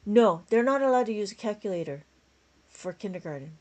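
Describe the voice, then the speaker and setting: A woman's voice: mid-range voice, lively intonation, fairly quick, a little mellow. Tired, chatty woman teaching abacus. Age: adult with a school-age child. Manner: chatty, laughs often, counts steps aloud. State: tired, yawning. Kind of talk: live-stream math lesson, chatting with viewers.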